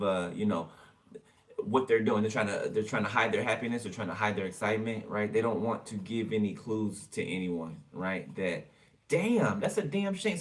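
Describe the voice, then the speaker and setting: A man's voice: on the low side, distant mic. A man giving a casual tarot reading for viewers, chatty and blunt, swearing freely as he turns the cards. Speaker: tarot reader.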